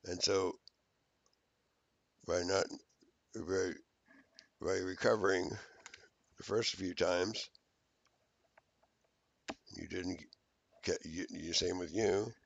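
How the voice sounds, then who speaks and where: A man's voice: deep voice, steady tone, drawn-out words, gravelly, pauses often, no room sound, lo-fi sound. A man in a rambling, profane, accusatory recorded rant.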